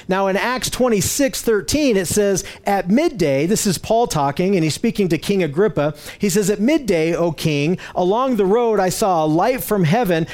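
A man with a notably high voice leads a Bible lesson, going through the passage verse by verse. His delivery is conversational rather than polished, full of fillers and restarts as he works out his explanations. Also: darkish tone. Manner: explains word by word, using slides. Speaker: Bible teacher.

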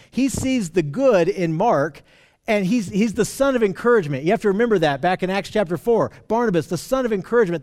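A man's voice: high-pitched, a little mellow. A man preaching, explaining scripture in an earnest, conversational way with frequent restarts. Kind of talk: expository Bible teaching.

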